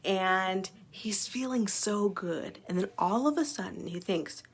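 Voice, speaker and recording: A woman's voice: medium pitch, a little slow, husky. A woman who owns a small business, talking casually to her followers about personal growth in an upbeat, chatty way with many fillers. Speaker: small business owner sharing self-development. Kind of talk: casual talk to camera.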